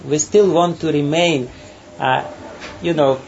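A man giving a spiritual talk, telling a parable in a halting way and laughing often. His voice is somewhat high yet dark and mellow. The recording sounds dull and has faint background noise. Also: steady tone, creaky. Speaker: spiritual teacher.

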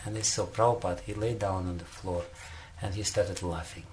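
A man's voice: deep voice, fairly even intonation, a little fast, darkish tone, slight background noise. A man giving a devotional talk as a spiritual teacher, telling a story and often chuckling between phrases, with frequent "you know" fillers.

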